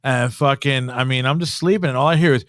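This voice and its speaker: A man's voice: medium pitch, fast, a bit bright, slight background noise. Profane, rambling man telling a ghost story. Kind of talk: casual podcast storytelling. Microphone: podcast studio mic.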